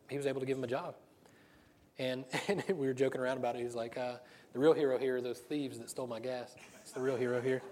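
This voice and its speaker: A middle-aged man preaching in a loose, conversational way, breaking into laughs and restarting his sentences. His delivery moves quickly. His voice sits at an ordinary middle pitch for a man. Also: a little mellow. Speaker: pastor. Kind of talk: sermon.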